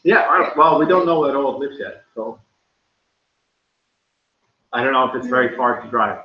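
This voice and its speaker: A young man with a Dutch accent, chatting casually and laughing as he hosts a livestream and reads the chat aloud. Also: normal speed. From Netherlands. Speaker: vlogger hosting a livestream. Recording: echoey room, dull low-fi sound.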